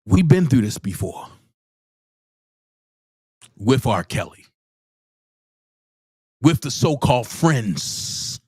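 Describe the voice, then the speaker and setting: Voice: medium pitch, sing-song, slow pace, pauses often, a little mellow, husky, no echo, studio quality. A live-stream host giving blunt, profane commentary and repeating pointed rhetorical questions for emphasis.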